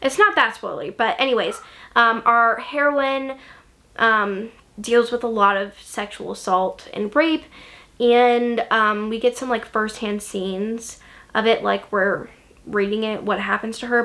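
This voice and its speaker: Bright-voiced chatty young woman. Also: a little high, a little slow. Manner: chatty, gushing, lots of ums and likes. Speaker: book vlogger. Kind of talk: casual chat.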